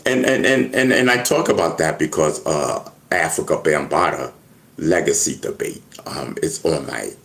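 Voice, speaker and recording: A man's voice: a bass voice, moderate pace, fairly bright tone, rough recording. A man hosting hip hop news on a live stream, rambling, stumbling over repeated words and talking straight to his chat. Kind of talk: casual live-stream commentary.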